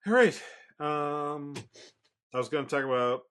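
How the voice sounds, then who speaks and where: A man's voice: on the high side, expressive, unhurried, fairly bright tone, clear, resonant tone. A man in his forties co-hosting a podcast, laid-back in casual chat with short reactions. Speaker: podcast co-host.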